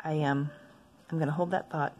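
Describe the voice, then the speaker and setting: A woman chatting casually as she swatches inks for her video, rambling into asides and gently poking fun at herself. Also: low voice, fairly even intonation, moderate pace, faint music behind. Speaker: stationery vlogger.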